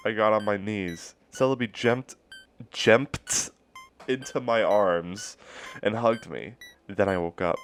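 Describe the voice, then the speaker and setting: A man's voice: on the low side, slow pace, slight background noise. A young man reading a creepypasta aloud, reading out the punctuation and breaking in with sarcastic asides. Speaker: story reader. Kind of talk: casual creepypasta reading with commentary.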